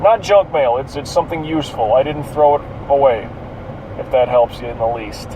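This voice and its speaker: A man's voice: medium pitch, normal speed. A tired man rambling to himself while driving, cursing at traffic in a casual, profane monologue from inside his car. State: yawning and tired. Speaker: vlogger.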